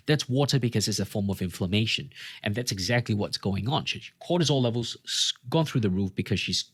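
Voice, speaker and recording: A man's voice: lowish voice, fairly quick, breathy edge, no echo, studio quality. A man, a fitness coach from Australia, talking as a podcast guest, telling stories animatedly and acting out what people said. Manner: animated storyteller acting out quotes. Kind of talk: casual podcast conversation.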